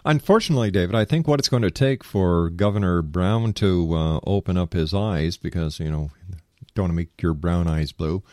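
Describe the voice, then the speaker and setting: A man hosting a radio talk show from Canada, interviewing a guest in a lively, conversational way. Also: sits low, moderate pace, no echo, studio quality. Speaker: radio host.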